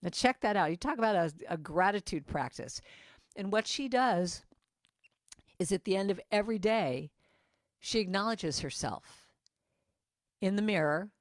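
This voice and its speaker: A woman's voice: mid-range voice, lively intonation, moderate pace, pauses often, dry recording, studio quality. A woman giving an earnest, chatty inspirational morning message as guest speaker, talking over a video call.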